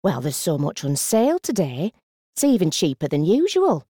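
A woman voicing a chatty, self-satisfied elderly customer who speaks sagely and slowly. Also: on the low side, huge pitch swings, warm tone, husky, no room sound, studio quality, heavily acted. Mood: prim. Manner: sage, self-satisfied, slow.

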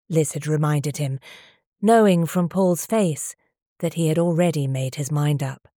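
Woman reading a novel out loud, lowish voice, close dry mic. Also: unhurried, dry recording. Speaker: audiobook narrator. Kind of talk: scripted narration.

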